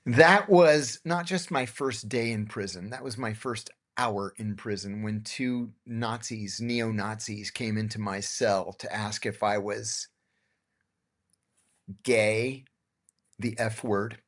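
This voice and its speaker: A man's voice: on the low side, slow pace, a bit bright. Middle-aged man telling stories. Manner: anecdotal, acts out dialogue in his tales. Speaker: podcast host. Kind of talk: casual storytelling on a podcast.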